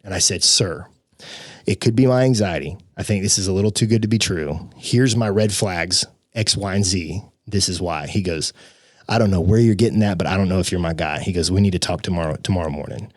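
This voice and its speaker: Low-voiced man telling a dramatic story. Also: a little fast, no echo, clean studio sound. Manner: animated, acts out quoted voices. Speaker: podcast guest. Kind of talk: casual storytelling.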